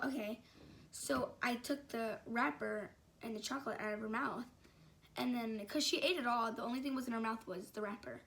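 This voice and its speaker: A woman's voice: fairly high pitch, gravelly, a bit bright. A young woman telling a personal story in a casual, rambling way, full of fillers and restarts. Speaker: vlogger.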